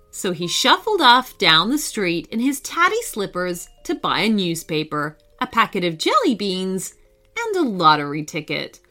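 A woman narrating a scripted children's story in an expressive, sing-song way. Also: medium pitch. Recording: faint background music.

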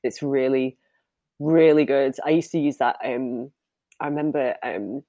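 A woman's voice: extremely low pitch, a little slow, dark tone, dry recording. A woman, a professional dominatrix, answering interview questions in a candid, chatty way and laughing easily.

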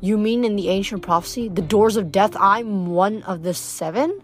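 A woman voicing an upset, grieving sixteen-year-old boy who talks in a strained, halting way. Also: mid-range voice, soft background music, natural voice.

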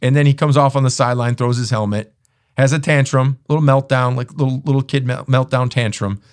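A man co-hosting a casual sports podcast, telling stories with energy and often jumping into mimicking voices. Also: a little fast. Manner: animated storyteller, jumps into high mimicking voices.

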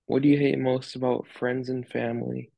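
Man, co-host, gravelly, husky, flat delivery. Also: medium pitch, moderate pace. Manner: laughing along, brief replies.

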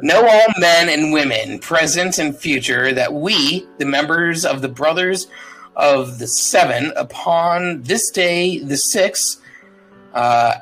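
A man playing a tabletop game, reading a legal deed aloud haltingly and stumbling over words with fillers. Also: on the high side, animated, fairly bright tone, soft background music, low-quality recording. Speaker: player.

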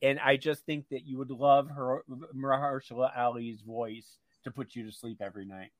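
A man co-hosting a radio show, talking in an animated, gushing way in casual chat. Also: medium pitch, normal speed, no echo. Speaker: radio co-host. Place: radio studio.

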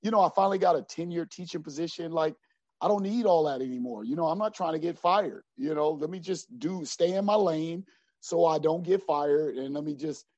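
A middle-aged man with a fairly high voice tells his story of faith with earnest feeling. He is lively at times, then drops to a low, quiet tone. The recording is dry and a little dull. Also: fairly quick, dry recording. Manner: earnest and animated, often dropping to a low quiet voice. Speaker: basketball coach. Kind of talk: personal faith testimony in an interview. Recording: dry, slightly dull sound.

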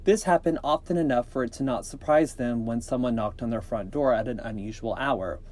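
A man reads a scary story aloud for a podcast in a mellow, warm voice. He keeps it casual, stumbling on a word here and there and breaking off for joking asides. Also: mid-range voice, a little fast. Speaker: podcast host reading scary stories.

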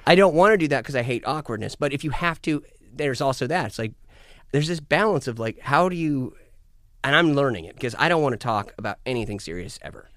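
A man with a middle-pitched voice talks in loose, animated podcast chat. He swears freely, jokes constantly and gets loud to sell a bit. The mic is close and the sound is dry. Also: fairly quick, dry recording. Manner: animated, profane, jokey, swings loud for bits. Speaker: podcast guest. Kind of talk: casual chat.

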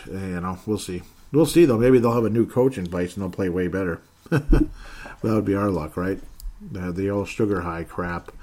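Chatty low-voiced man hosting. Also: warm tone. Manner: chatty, laughs often, reads comments aloud; puts on a joking Canadian accent briefly. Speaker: podcast host reading listener comments. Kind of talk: casual sports podcast chat.

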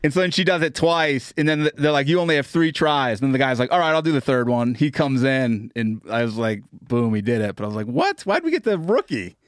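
A man's voice: mid-range voice, steady tone, quick pace, few pauses, clean tone, no echo, studio quality. Give me a man animatedly acting out a story. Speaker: co-host. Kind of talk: casual comedy chat.

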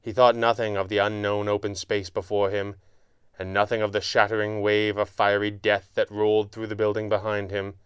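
Crystal-clear low-voiced male narrator. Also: monotone, no room sound, studio quality. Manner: measured, dramatic. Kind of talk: audiobook narration.

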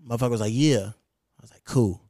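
A man hosting a podcast, telling stories in a profane, animated way with quoted back-and-forth. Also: medium pitch, fast, no room sound, studio quality. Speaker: podcast host. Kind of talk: casual chat, storytelling.

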